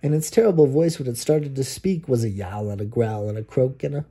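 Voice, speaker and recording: A man, a dad, reading a rhyming picture book aloud to his child and pausing so the child can fill in the rhymes. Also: medium pitch, dark tone, slightly rough. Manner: reads rhymes with pauses for a child to finish them. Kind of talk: bedtime story read-aloud.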